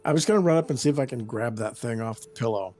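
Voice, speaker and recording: A man playing a tabletop game, eagerly thinking aloud about his plans and sometimes rushing his words. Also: medium pitch, darkish tone, faint music behind. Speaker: player. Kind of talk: casual tabletop game chat.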